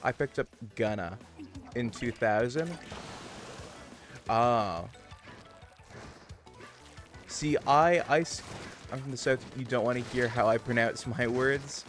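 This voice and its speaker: A man's voice: mid-range voice, a little slow. Chatty man streaming over faint music. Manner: chatty, digressive, muses about pronunciation. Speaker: livestream gamer. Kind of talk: casual chat to stream viewers.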